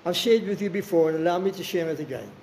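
A man, preaching a sermon in an earnest, personal way and slowing down for emphasis. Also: high voice, animated, vocal fry, darkish tone, a little hiss or hum. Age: 60s.

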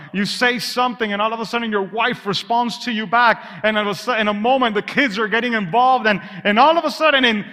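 A man preaching a sermon as a pastor, drawing the congregation into call-and-response, dropping to a hush on soft words and telling stories with lively acted asides. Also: high voice, long reverb tail. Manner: energetic storytelling with acted asides.

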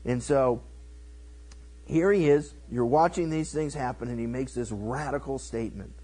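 A middle-aged man pastor teaching verse by verse through a Bible book, animated and acting out the characters in quick voices. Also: mid-range voice, husky, rough recording.

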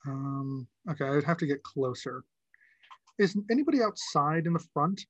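A man's voice: fairly high pitch, lively intonation, normal speed, no echo, highs cut off. A man playing a tabletop game, talking hesitantly and restarting often. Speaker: player. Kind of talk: casual tabletop game play.

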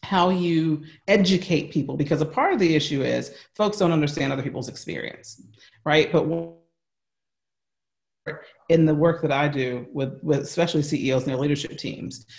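A woman's voice: low-pitched, normal speed, a little mellow. A woman with an American accent, a coach speaking earnestly in an interview over a video call, explaining her points with frequent restarts and "right?" tags. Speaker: leadership coach and guest.

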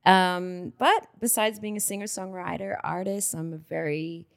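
A woman's voice: fairly low pitch, fairly even intonation, moderate pace, creaky. A young woman from Australia, a guest on a chat podcast, speaking playfully and self-assuredly. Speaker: guest, singer and reiki master. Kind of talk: casual chat.

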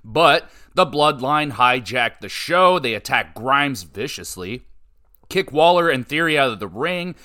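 A man hosting a podcast, giving an offhand, conversational recap of a wrestling show with quick verdicts. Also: mid-range voice, pushed and bright. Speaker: podcast host.

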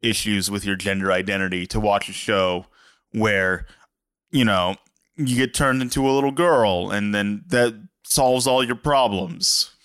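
A man's voice: fairly low pitch, unhurried, fairly bright tone, smooth, no room sound, studio quality. A man co-hosting a casual podcast chat, rambling and hedging with lots of restarts. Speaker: podcast co-host.

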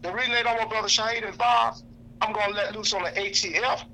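A man's voice: high voice, fairly even intonation, fast, creaky, sharp tone, slight background noise, poor audio. A man giving an impassioned, blunt speech to a lunch audience, preaching, quoting scripture and repeating himself for emphasis. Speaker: activist speaker. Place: indoor lunch gathering.

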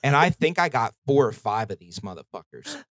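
A man's voice: medium pitch, sing-song, a little fast, a bit bright, no echo. Profane, chatty male podcast host with a mid-range voice, dry close mic. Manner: profane, rambling storytelling. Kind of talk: casual chat.

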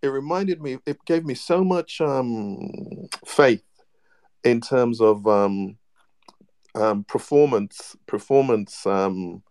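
A man joining a casual online group chat, enthusiastic but halting, with many ums and restarts. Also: mid-range voice, darkish tone. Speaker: participant in a live audio chat room.

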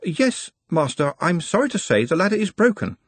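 A man's voice: high-pitched, very animated, normal speed, breathy edge, no room sound, pitched above the performer's own voice, heavily acted. A man voicing a young, eager, politely deferential servant boy in an audiobook. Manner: earnest, cheerfully deferential. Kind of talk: audiobook character voice.

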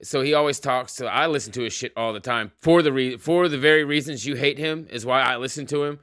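A man's voice: medium pitch, a little fast, a bit bright, no echo, studio quality. A man hosting a casual livestream podcast, greeting chatters by name and rambling in a profane, offhand way. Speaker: podcast host.

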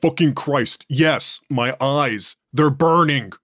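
A man's voice: mid-range voice, moderate pace, fairly bright tone, no echo, studio quality, lightly acted. A man voicing a defensive, swearing male prisoner being questioned. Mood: agonized. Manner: blunt and swearing. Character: defensive, profane male prisoner under interrogation.

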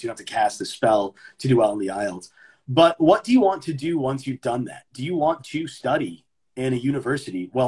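Husky-voiced American man, mid-Atlantic accent. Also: medium pitch. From Maryland, US. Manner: relaxed explaining with many examples, repeats words on restarts. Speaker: guest, English teacher and voice actor. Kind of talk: casual podcast conversation.

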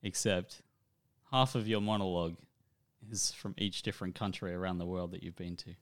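A man co-hosting a comedy chat, playful and quick to play along. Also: deep voice, steady tone. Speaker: podcast co-host.

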